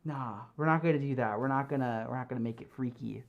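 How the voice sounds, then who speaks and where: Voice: mid-range voice, fast, vocal fry, muffled recording. A live streamer in a fox fursuit chatting casually and reading comments from the chat, rambling and giggly, with lots of fillers. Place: home streaming room.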